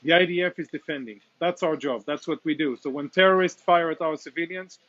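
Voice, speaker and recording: A man speaking as a military spokesman, reporting live and earnestly from inside a damaged apartment, audibly emotional with halting restarts. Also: on the high side, fairly bright tone, highs cut off. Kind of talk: live walk-through report.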